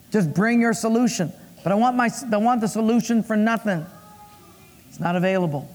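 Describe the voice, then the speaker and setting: A man's voice: high-pitched, brisk, a little mellow. A male pastor preaching a sermon, playful, acting out voices and dropping puns. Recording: long echo of a large hall.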